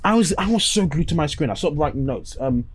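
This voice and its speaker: A man's voice: on the high side, expressive, fast talker, husky. A man co-hosting a casual podcast chat, animatedly retelling scenes, acting out lines in voices and swearing freely. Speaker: podcast co-host.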